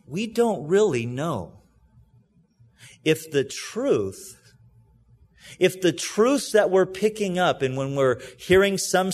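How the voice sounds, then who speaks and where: A man with a notably high voice preaches a sermon. He explains scripture earnestly, leaning hard on key words and then letting his voice sink to a quiet, intimate tone. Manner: earnest, emphatic, swings between loud stresses and hushed asides; explains and reads scripture aloud to a congregation. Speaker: pastor.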